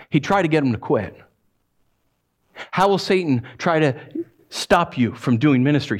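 A male pastor preaches in a casual, conversational sermon. His voice sits fairly high and swoops around with lively intonation as he acts out the scenes.

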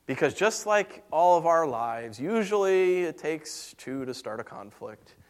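A man preaching a sermon, telling a personal story in an emotional way that swings between hushed and raised. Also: on the high side, big pitch swings, a little slow, clean tone.

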